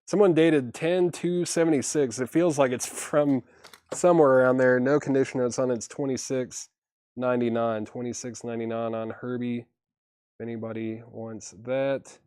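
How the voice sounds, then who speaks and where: A man's voice: mid-range voice, fairly even intonation, a little mellow, smooth, no room sound, clean studio sound. A man running a live online record sale, rattling off titles and prices and thinking aloud as he checks sleeves. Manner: brisk listing of items and prices, thinking aloud. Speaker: live-stream record auctioneer. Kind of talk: live sales stream patter.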